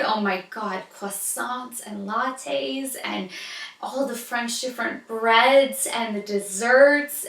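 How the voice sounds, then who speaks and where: American woman, 30s, casual vlogger chat, bright voice, roomy echo. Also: on the high side, distant mic. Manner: chatty and gushing, with playful asides. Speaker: beauty vlogger answering viewer questions. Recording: echoey room, a little off-mic.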